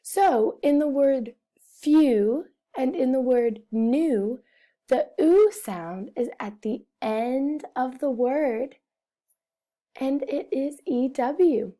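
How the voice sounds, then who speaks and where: A woman's voice: high-pitched, extremely slow, mellow. A woman teaching a phonics lesson to young children, carefully sounding out and repeating each word. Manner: over-enunciates words and repeats them, speaks to children. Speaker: first-grade teacher.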